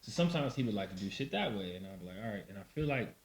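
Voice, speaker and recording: Animated man telling stories in an echoey room. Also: rapid-fire. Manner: animated storyteller, acts out voices with big pitch jumps. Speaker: podcast co-host. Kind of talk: casual chat. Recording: roomy echo.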